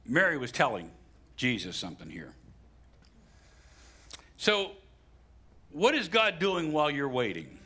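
A middle-aged male pastor preaching a sermon, animated, with sudden rises for emphasis and asides to the congregation. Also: fairly high pitch, a little slow, pauses often, husky.

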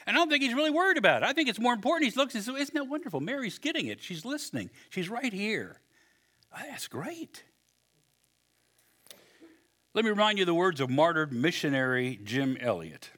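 A man preaching a sermon, animated and joking, acting out the people in his story. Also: high voice. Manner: animated, acts out voices with humor. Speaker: pastor.

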